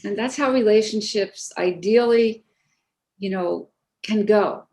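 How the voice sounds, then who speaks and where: Woman, podcast guest, therapist, gravelly edge, lively storyteller. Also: medium pitch, takes it slowly. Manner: lively storyteller, acts out dialogue. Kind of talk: podcast conversation.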